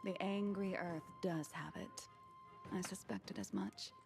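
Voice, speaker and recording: An actress voicing a wise, mysterious woman guide in a video game, with a calm, knowing delivery. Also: on the low side, measured pace, gravelly, full character voice. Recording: game audio with music.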